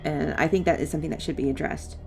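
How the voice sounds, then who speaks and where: A woman talks through a video game in a relaxed, rambling way, drifting into tangents and saying sorry for them. Her voice sits a little low for a woman. Soft game music plays faintly underneath. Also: fast talker, gravelly. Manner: chatty, rambling with asides and apologies. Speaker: let's play gamer. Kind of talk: casual gameplay commentary.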